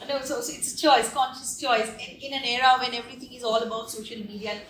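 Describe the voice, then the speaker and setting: Bright-voiced woman interviewer, echoey room. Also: on the high side, fairly even intonation, quick pace, a little hiss or hum. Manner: hesitant, many fillers. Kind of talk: conversational interview. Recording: echoey room, mic at a distance.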